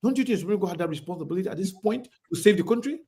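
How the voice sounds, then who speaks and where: A man's voice: high-pitched, lively intonation, rapid-fire, darkish tone. A man hosting a heated political debate, pushing his guest with repeated questions and cutting in. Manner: presses with repeated questions, cuts in.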